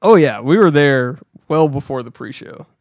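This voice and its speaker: A male podcast co-host tells a story at a moderate pace during casual talk. He acts out the quotes animatedly with pitch jumps, and the recording is dry.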